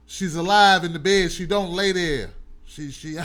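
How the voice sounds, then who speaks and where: A man with a high, bright voice hosts a casual live stream and talks straight to his viewers. His delivery is loud and animated, full of joking, preachy asides. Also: measured pace, vocal fry, a crowd in the background. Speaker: host.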